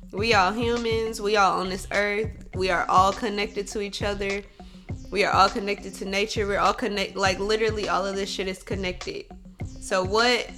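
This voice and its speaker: A woman who works as a bartender, telling a story in a blunt, profane, animated way, swinging between loud venting and calm reflection. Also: medium pitch. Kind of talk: casual storytelling monologue.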